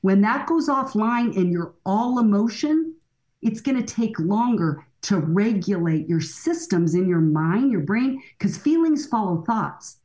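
A woman counselor talking as an interview guest, her voice sitting at an everyday middle pitch. She explains with energy and easily slips into quoted voices. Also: animated, unhurried, warm tone. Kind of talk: interview conversation.

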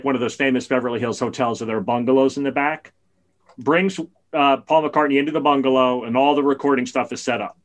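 A man in casual podcast chat, telling a story in an animated, excited way. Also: mid-range voice.

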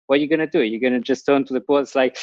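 A man hosts a casual talk and keeps putting questions to his guest. He speaks at an everyday pitch. The recording is dry and slightly dull. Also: rapid-fire, no room sound. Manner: inquisitive, with frequent rhetorical questions. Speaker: podcast host. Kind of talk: casual conversation.

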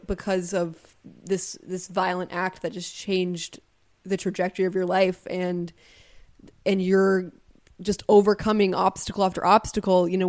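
A woman's voice: mid-range voice, darkish tone. Earnest, sympathetic woman podcast host. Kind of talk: true crime podcast interview.

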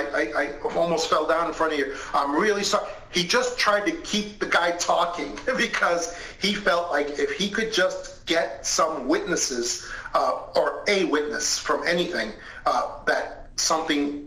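A middle-aged man, a guest on an interview show, retelling an eerie account in an animated way and acting out what people said. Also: a little high. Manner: animated retelling with lively acted quotes. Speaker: guest, retired investigator. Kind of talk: storytelling in an interview. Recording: roomy echoing sound.

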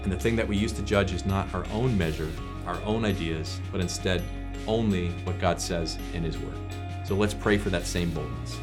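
Man, pastor, low voice, earnest conversational devotional, faint music underneath. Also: moderate pace. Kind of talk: devotional podcast teaching.

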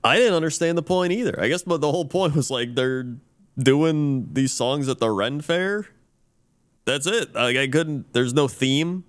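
Rambling podcast man, smooth clear voice. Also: on the high side, normal speed. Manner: rambling storyteller, many "like" fillers and restarts. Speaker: podcast co-host. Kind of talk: casual chat.

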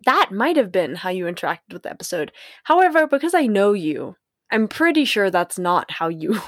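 A woman's voice: medium pitch, big pitch swings, normal speed, no room sound, clean studio sound. A young adult woman hosting a solo podcast, talking in a reflective, candid way, laughing often and acting out the voices in her head. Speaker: podcast host.

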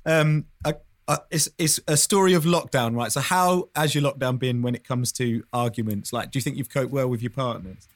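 A man's voice: mid-range voice, moderate pace. A man telling a story in a casual podcast chat, laughing often as he goes.

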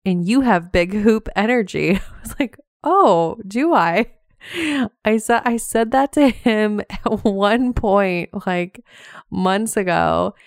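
Slow, clear-voiced woman podcast host. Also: fairly low pitch, dry recording, studio quality. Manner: chatty, laughs often, speaks directly to listeners. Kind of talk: casual chat.

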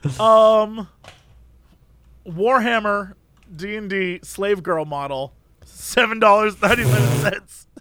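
A man's voice: sits high, unhurried, pauses often, fairly bright tone, clear, resonant tone. A man chatting casually on a podcast, telling stories animatedly and laughing often. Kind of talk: casual chat and storytelling.

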